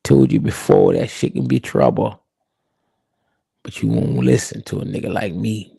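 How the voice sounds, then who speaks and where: A man imitating a calm, well-connected older boss who talks slowly and lectures soothingly. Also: on the low side, creaky, slightly rough, dry recording, studio quality, pitched below the performer's own voice, full character voice. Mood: calm lecturing. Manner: slow, soothing, lecturing drawl.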